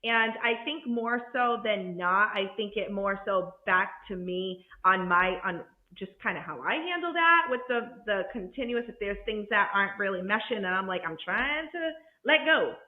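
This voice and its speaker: A woman's voice: mid-range voice, normal speed, hardly any pauses. A woman co-hosting a casual chat, affirming her partner and teasing playfully. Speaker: co-host. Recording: dull, roomy sound.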